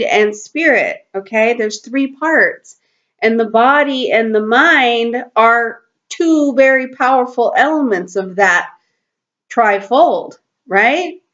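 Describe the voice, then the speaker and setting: A woman's voice: fairly high pitch, fairly bright tone. A woman talking earnestly to camera in a personal spiritual vlog, rambling with lots of fillers and restarts, in a slightly lo-fi home video. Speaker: spiritual talk host.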